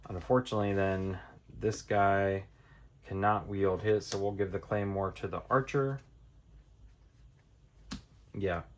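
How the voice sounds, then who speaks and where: A man's voice: deep voice, fairly even intonation, a little slow, pauses often, a little hiss or hum. A man casually playing through a tabletop card game, thinking aloud and counting cards as he goes. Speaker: board game reviewer. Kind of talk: casual tabletop playthrough tutorial.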